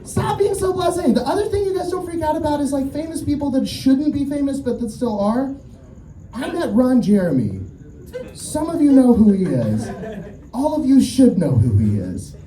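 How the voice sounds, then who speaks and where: Guy doing standup outside, swings his pitch all over doing voices, kinda far off and echoey, faint noise. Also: normal speed. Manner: animated storytelling, acts out quoted voices. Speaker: stand-up comedian. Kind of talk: stand-up set. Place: outdoor show.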